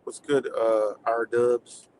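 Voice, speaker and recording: A man's voice: medium pitch, little pitch movement, slow pace, darkish tone, a little hiss or hum, low-quality recording. A man ranting on a live stream in a rambling, profane, heated way, talking to his chat viewers.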